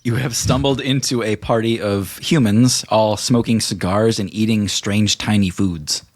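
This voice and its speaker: A man narrating as game master in a playful, animated way. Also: lowish voice, measured pace, no room sound, studio quality.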